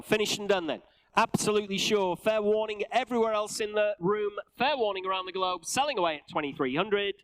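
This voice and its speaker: Guy auctioneer rattling off bids, smooth voice pitched up high. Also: poor audio. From England. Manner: brisk bid calling with asides. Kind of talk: live auction calling. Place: auction sale room.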